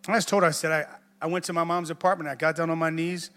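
A man's voice: fairly high pitch, little pitch movement, racing, a bit bright. A man, a pastor, telling a personal story in a conversational sermon, self-mocking and repeating words as he builds up. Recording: music under a long hall echo.

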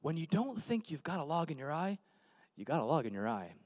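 A man preaching a sermon as pastor on a church stage, swinging from hushed, low passages to loud emphatic calls out to the congregation. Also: big pitch swings, brisk, dry recording.

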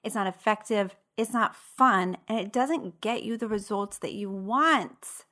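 A woman hosting a casual solo podcast as a coach, talking in an animated, playful way and acting out inner voices. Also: medium pitch, a little slow. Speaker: ADHD coach and podcast host.

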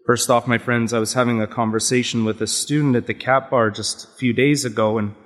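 A man's voice: mid-range voice, fairly even intonation, brisk. A man with a Canadian accent, a deacon reading scripture and giving a homily, earnest and reflective, sounding nasal and stuffy from a head cold. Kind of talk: sermon. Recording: long hall reverb.

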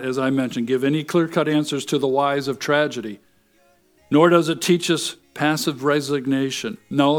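Male preacher, earnest sermon delivery, mid pitch, faint music bed. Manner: earnest, reads scripture aloud then explains it.

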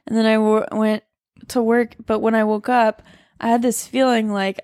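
Woman podcaster rambling on, lots of "like", kinda high voice, dry close mic. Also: steady tone, moderate pace, no room sound. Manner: chatty, rambling, lots of "like" fillers. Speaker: podcast co-host. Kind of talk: casual podcast chat. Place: home, lying on the floor.

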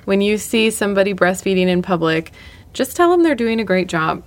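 A woman co-hosting a podcast in casual chat, encouraging and quick to laugh. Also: medium pitch, expressive. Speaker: podcast co-host.

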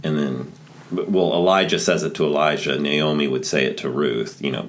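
A man with a very low voice co-hosting a relaxed podcast chat. He talks in an enthusiastic, reflective way. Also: normal speed. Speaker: podcast co-host. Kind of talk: casual podcast discussion.

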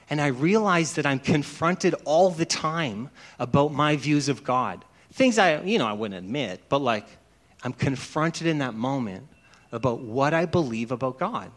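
A man's voice: medium pitch, expressive, measured pace, fairly bright tone. A man who is a pastor, giving a conversational sermon and telling stories that act out dialogue. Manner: chatty storytelling, acts out dialogue.

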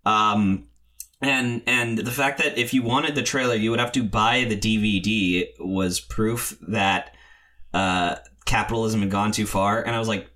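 A young man with a bright, forceful voice tells a story casually, tripping over restarts as he goes. He bursts into loud shouting whenever he quotes his own outbursts. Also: fairly low pitch, fairly even intonation, unhurried. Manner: rambling, stammering restarts, shouting bursts when quoting himself.

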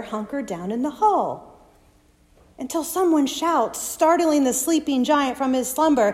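A woman preaching a sermon in a dramatic style, dropping often to soft whispers. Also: sits high, lively intonation, measured pace. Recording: long reverb of a large hall.

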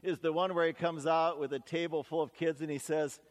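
A man's voice: fairly high pitch, flat delivery, brisk, big-room sound. A man preaching a sermon as pastor, talking in a conversational, folksy way with stories and asides.

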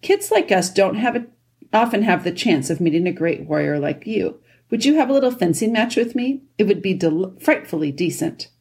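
A woman reading as an eager, polite young boy king in a storybook, with a slightly husky voice. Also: mid-range voice, animated, normal speed, darkish tone.

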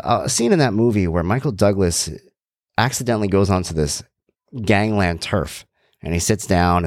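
A man's voice: low-pitched, no room sound, studio quality. A middle-aged man hosting a podcast, talking candidly in a rambling monologue with jokey asides. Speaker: podcast host.

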